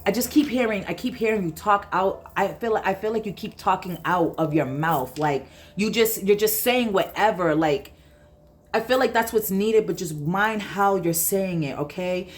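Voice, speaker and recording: A woman's voice: medium pitch, moderate pace. A woman giving a casual tarot reading, emphatic and blunt, repeating her points and swearing freely. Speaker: tarot reader.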